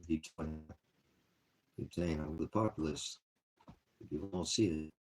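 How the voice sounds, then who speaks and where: Weary ministry host, very low pitch, rambling vlog monologue. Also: male voice, unhurried, a little mellow. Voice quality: gravelly, husky. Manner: weary, sighing, drifts between topics. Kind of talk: rambling personal vlog talk.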